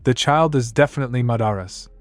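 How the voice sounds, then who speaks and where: A man's voice: mid-range voice, fast talker, no echo, faint music behind, lightly acted. A man voicing a gloomy, sleepy young man in a read-aloud fan story, in his own plain voice.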